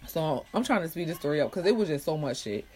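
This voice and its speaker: A woman's voice: low voice, quick pace, soft background music. Profane young woman telling a story. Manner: profane, animated retelling with quoted voices. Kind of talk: casual storytelling.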